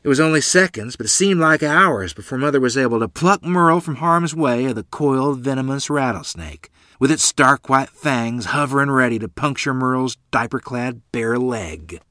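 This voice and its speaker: A man narrating a first-person story in an expressive, storytelling style. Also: mid-range voice, normal speed, hardly any pauses, no room sound, clean studio sound.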